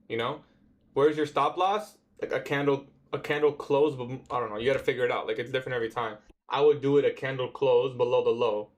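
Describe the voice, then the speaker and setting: A young Canadian man with a Toronto accent talks through a trading livestream. His speech is relaxed and slangy, and his pitch sits in a mid range. He answers viewers' questions in an offhand way. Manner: laid-back slangy talk, reads out and answers chat. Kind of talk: casual livestream chat.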